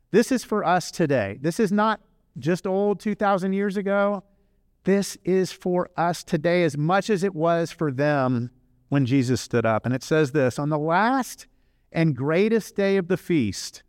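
A male pastor preaching a sermon in a slightly high voice, pressing his points with emphasis. He speeds up through some runs and slows right down to stress others. The sound is dry and close. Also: clean tone, no room sound. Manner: animated, emphatic, swings between fast and slow drawn-out phrases.

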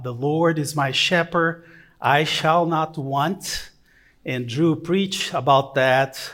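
Slow-talking preacher with a non-native accent. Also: male voice, on the high side, fairly bright tone. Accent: non-native English. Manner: joking, self-mocking asides; earnest, halting prayer with fillers. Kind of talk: sermon with prayer.

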